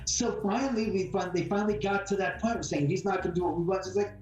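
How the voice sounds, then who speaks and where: A man's voice: high voice, quick pace. A man, a homeowner guest in an interview, telling a story bluntly and acting out what people said. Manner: blunt, animated storyteller who acts out quotes. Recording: roomy, distant mic with faint music.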